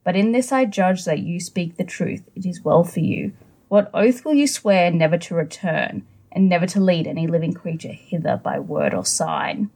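A woman reading the lines of a stern, noble male captain in a solemn, measured way, close to her own voice. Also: on the low side, expressive, a little mellow, husky.

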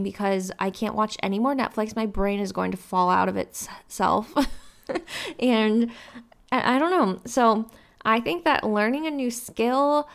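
A woman in her twenties hosting her own podcast, rambling in a casual, upbeat way with lots of fillers. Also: a little high. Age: 20s. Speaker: podcast host. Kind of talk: casual solo podcast talk.

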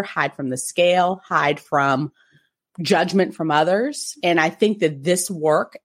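A woman chatting casually as a podcast co-host, telling stories in an animated, playful way. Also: sits low. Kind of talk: casual group chat.

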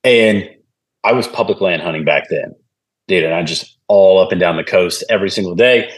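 His voice sits low and moves at an ordinary speed as he recounts stories as a guest on a casual podcast. Animated throughout, he acts out the voices of the people in his tales.

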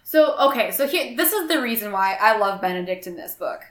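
A woman's voice: medium pitch, expressive, a little fast, reverberant. A woman co-hosting a casual book chat, enthusiastic and reading passages aloud. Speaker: podcast co-host.

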